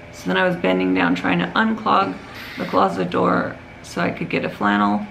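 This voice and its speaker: Gravelly, weary woman vlogging at home. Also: fairly low pitch, a little hiss or hum, rough recording. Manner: candid, rambling storytelling with many restarts. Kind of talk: casual vlog talk.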